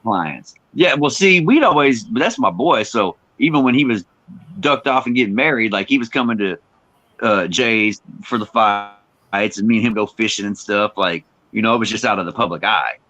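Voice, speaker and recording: A rapper appears as a guest in a casual interview, animatedly telling stories and acting out quotes. His voice is fairly low and moderately paced, in a dry recording with the highs cut off.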